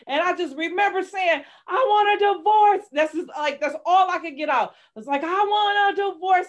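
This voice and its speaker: A middle-aged woman, a life coach and author, telling her personal story candidly and with strong emotion in an interview. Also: sits high. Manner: candid, emotional, dramatic retelling.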